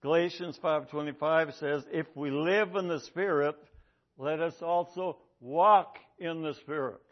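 A man with a high voice preaches an emphatic sermon, driving points home by repeating them. The recording is dull and lo-fi. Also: a little slow. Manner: emphatic, repeats key lines for effect. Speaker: pastor.

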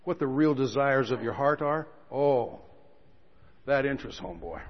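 A man preaching a sermon, telling stories with quiet asides that build to loud outbursts. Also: mid-range voice, animated, moderate pace. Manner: storytelling, swings from quiet asides to shouting. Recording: dull lo-fi recording with a long hall reverb.

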